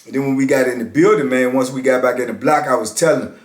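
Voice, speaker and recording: A man's voice: mid-range voice, fast. A man in his fifties casually telling a story from his own life, laid-back and conversational. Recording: roomy echo.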